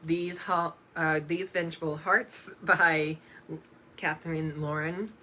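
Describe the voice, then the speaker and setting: Slow, bright-voiced young woman vlogger. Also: deep voice, fairly even intonation, slight background noise. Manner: slow and unhurried, often apologizing and laughing softly. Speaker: book vlogger. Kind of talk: casual reading-list vlog.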